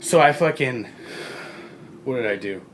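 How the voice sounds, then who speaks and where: A man's voice: medium pitch, animated, unhurried, fairly bright tone, slight background noise. Slangy young-sounding man telling a story. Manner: slangy and profane, lots of "like" and "you know", laughs often. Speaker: guest. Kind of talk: casual storytelling chat.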